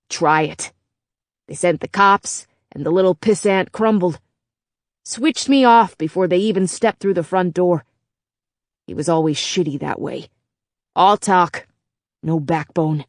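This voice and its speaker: A woman's voice: on the low side, a little slow, pauses often, dry recording, clean studio sound. A woman voicing a worn-out, confused male robot bartender with a Chicago accent and a brash, profane way of talking. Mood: bitter. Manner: brash, profane working-class bar talk.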